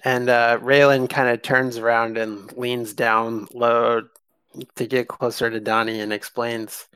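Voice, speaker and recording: Smooth, dry voice of a tabletop player. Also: mid-range voice, level tone, unhurried, a bit bright, no room sound. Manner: narrates own character's actions. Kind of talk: casual tabletop play.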